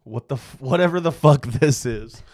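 A man co-hosting a crude comedy podcast, tossing in quick sarcastic jabs. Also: medium pitch, darkish tone, no echo, clean studio sound. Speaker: podcast co-host.

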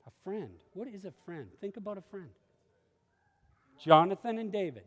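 A man preaching a sermon with passion, swinging between hushed confiding and sudden exclamations. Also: high voice, sing-song, normal speed, long pauses. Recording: long hall reverb.

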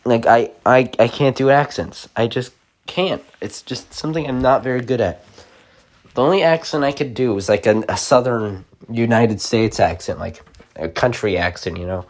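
A man's voice: mid-range voice, normal speed. Rambling young man, casual talk. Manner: rambling, full of likes and restarts.

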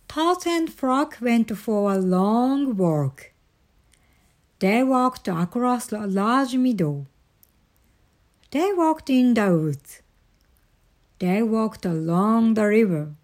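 A woman reading a children's storybook aloud in a careful, deliberate way. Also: mid-range voice, darkish tone. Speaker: storybook reader.

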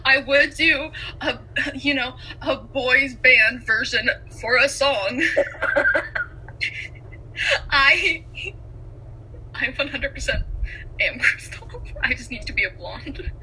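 Excitable young woman co-host, laughs a lot, high piercing voice. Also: slow pace, long pauses, slight background noise, low-quality recording. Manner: enthusiastic, laughs often. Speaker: podcast co-host. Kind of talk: casual chat.

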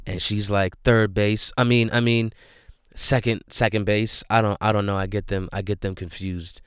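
A movie reviewer with a voice on the low side and a clear, resonant tone speaks at normal speed with a flat delivery, recorded dry at studio quality. He casually recaps a film scene by scene, rambling with lots of "like" and "you know," and talks earnestly and emphatically about how it made him feel.

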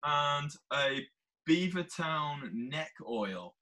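A man co-hosting a podcast, telling stories in an animated way. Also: on the high side, extremely slow, poor audio. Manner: animated storyteller. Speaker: podcast co-host. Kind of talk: casual chat.

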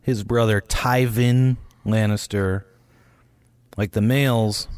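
A man's voice: fairly low pitch, animated, normal speed, darkish tone, dry recording. Laid-back man chatting on a podcast. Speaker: podcast co-host. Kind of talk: casual chat.

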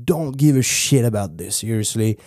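A man with a French accent talks through a casual podcast monologue, relaxed and loose with his words, swearing now and then and circling back over half-finished phrases. His voice is mellow and warm. The recording is dry and close, with no room sound around him. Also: mid-range voice, normal speed, dry recording. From France. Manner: laid-back, swears freely, frequent restarts. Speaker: podcast host.

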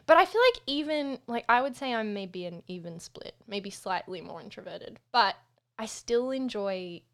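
A woman's voice: mid-range voice, expressive, moderate pace, a bit bright. An Australian woman co-hosting a casual podcast, playful and easygoing, laughing as she chats. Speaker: podcast co-host.

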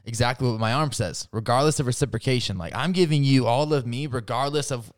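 Smooth-voiced man in rambling podcast chat. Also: medium pitch, fast, dry recording, studio quality. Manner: rambling, filler-heavy, laughs while retelling stories. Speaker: podcast guest.

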